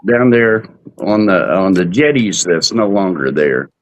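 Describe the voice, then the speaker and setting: A man's voice: low-pitched, unhurried, poor audio. A man, chatting casually and telling stories with plenty of fillers. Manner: storytelling, relaxed with fillers. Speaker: host. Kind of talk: casual chat.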